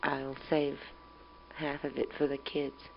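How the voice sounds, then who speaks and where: A young mother speaking calmly and tenderly, recording a rambling spoken letter at home on a tape recorder. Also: very deep voice, slow, creaky. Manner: calm, tender, rambling and reflective. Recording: dull old home tape with hum.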